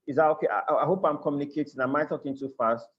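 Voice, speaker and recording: A man's voice: a little high, fast, highs cut off. A man with a Nigerian accent teaching a live online class. He speaks earnestly, often repeats and restarts his phrases, and checks in with his listeners. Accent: Nigerian English. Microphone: video call.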